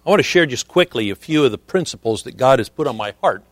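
A middle-aged man preaching a sermon as a visiting missionary, earnest and measured, often quoting scripture. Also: medium pitch, animated, no room sound.

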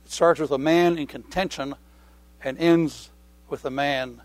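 A middle-aged male preacher with a slightly high voice gives a sermon in an easy, conversational way. He repeats key phrases for weight and clears his throat often. The recording is dry and close. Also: steady tone, measured pace, no room sound.

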